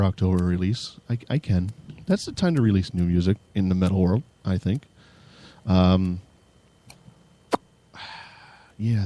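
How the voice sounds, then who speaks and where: Man, podcast co-host, swings all over in pitch, laughs and curses, tired, clowning. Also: dark tone. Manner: goofy, jumps into mock radio-DJ and metalhead voices; swears freely, laughs a lot. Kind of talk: casual banter.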